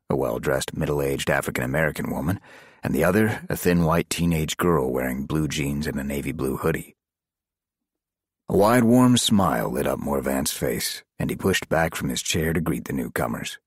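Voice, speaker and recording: A very deep, husky male voice narrates an audiobook from a script at normal speed. The recording is dry, with clean studio sound.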